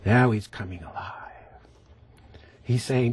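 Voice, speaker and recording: A man teaching a televised painting lesson, gentle and coaxing, often dropping to a whisper as he demonstrates strokes and asks the viewer to look. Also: fairly high pitch, big pitch swings, takes it slowly, long pauses, breathy edge, no room sound. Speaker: painting instructor.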